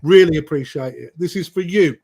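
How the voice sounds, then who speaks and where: A man's voice: on the high side, a little fast, vocal fry, a little mellow, husky. A middle-aged British man hosting a live-streamed koi auction, chatting matily with viewers and calling out bids and time left. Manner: chatty, matey banter, calls bids and time.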